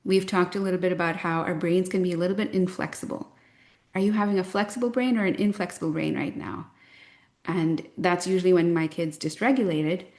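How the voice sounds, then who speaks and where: Addressing a group of parents, this parent coach, a woman in her thirties, talks briskly in a lowish, steady voice. Her manner is thoughtful and gently explanatory, and she weaves in stories from her own life.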